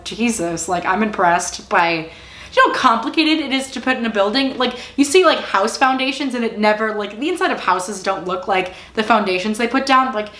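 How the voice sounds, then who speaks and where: A woman's voice: medium pitch, fairly bright tone, roomy sound. A woman casually recapping and reviewing a TV series, chatty and full of "like," and openly invested in the story. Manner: chatty, fills speech with "like"; emotionally invested, exclaiming. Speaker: TV show reviewer.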